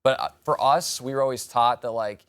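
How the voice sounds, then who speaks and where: Fast-talking man with an upper Midwest accent. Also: mid-range voice, a bit bright, clean tone. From Minnesota. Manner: storytelling, rambling with restarts. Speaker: morning show co-host. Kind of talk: casual chat.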